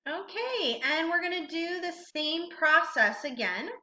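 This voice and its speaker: A woman's voice: very high voice, lively intonation, a little slow, sharp tone. Lady teacher walking thru syllables, patient, lots of questions, slightly muffled roomy sound. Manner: patient, prompts with questions and praise. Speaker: reading teacher. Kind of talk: recorded phonics lesson. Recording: roomy, slightly dull recording.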